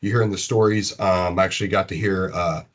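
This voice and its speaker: A man's voice: sits low, steady tone, a little fast. A man hosting a conversation, chatty and encouraging his guest. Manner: chatty, backchannels often. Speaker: host. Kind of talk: conversational interview.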